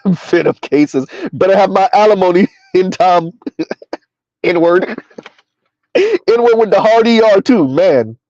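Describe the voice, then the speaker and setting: A man's voice: sits high, expressive, slow pace, long pauses, darkish tone, no room sound. Laughing man on a dull, dry mic. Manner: laughing, reads viewer comments aloud. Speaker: commentary channel host. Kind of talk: casual live-stream commentary.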